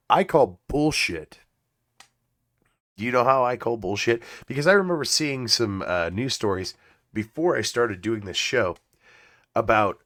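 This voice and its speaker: Lively, profane podcast host. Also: male voice, mid-range voice, normal speed, dry recording, studio quality. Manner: profane, laughing, rambling storyteller. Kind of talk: casual comedic podcast talk.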